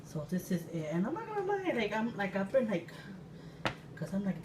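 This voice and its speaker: A woman from Puerto Rico in her thirties, an excitable, chatty cooking-channel host with sudden loud exclamations and laughter, talking casually in her home kitchen. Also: medium pitch, normal speed. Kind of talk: casual cooking vlog chat. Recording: distant mic with room noise.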